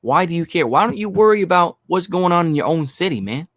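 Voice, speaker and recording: A man's voice: high voice, expressive, fast talker, dry recording. Male stream host, blunt profane ranting, dry close mic. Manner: blunt, profane, repeating himself. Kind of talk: ranting commentary.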